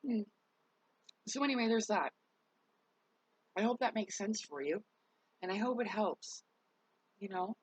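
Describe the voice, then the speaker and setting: A woman's voice: medium pitch, measured pace, long pauses, husky, no echo, rough recording. A worn-out woman talking candidly to her viewers in a rambling, casual vlog, cursing now and then. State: worn out, recovering. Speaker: vlogger.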